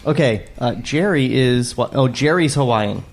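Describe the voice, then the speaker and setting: A man's voice: mid-range voice, lively intonation, a little slow. A man co-hosting a comedy table read, reading stage directions with profane, irreverent asides.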